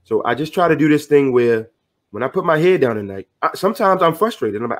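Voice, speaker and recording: A man's voice: on the high side, expressive, fast. A middle-aged man talking earnestly as a podcast guest, motivational and loose with slang. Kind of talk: casual podcast conversation.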